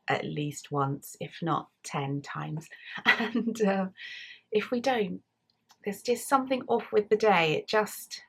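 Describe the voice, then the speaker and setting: An English woman hosting a knitting podcast, chatting casually to a camera at home and often trailing off into soft near-whispers. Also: medium pitch, husky. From England. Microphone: camera mic.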